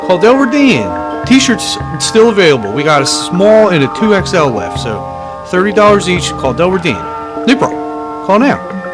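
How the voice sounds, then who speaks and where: A man putting on a pushy male infomercial announcer for a mock coffee advert, with loud, drawn-out sales patter. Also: high voice, very animated, music in the background, pitched above the performer's own voice. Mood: hard-selling.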